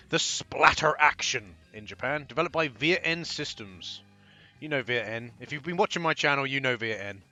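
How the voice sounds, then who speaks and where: A man's voice: on the high side, sharp tone. A young man hosting his own gaming channel, chatting casually over a first playthrough, rambling and trailing off as he plays. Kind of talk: casual game commentary.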